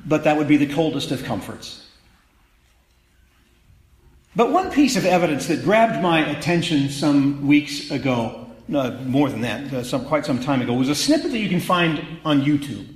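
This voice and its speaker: Guy preaching a sermon, kinda wry, gets emphatic, voice a bit high, roomy echo. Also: sing-song, normal speed. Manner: conversational and wry, with rising emphatic peaks. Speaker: pastor.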